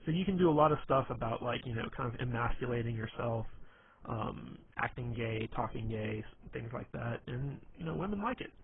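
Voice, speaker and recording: A man's voice: mid-range voice, animated, fairly quick. A young man giving casual dating advice in a rambling monologue, full of "you know" fillers and stammered restarts. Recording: tinny phone-like audio, faint noise.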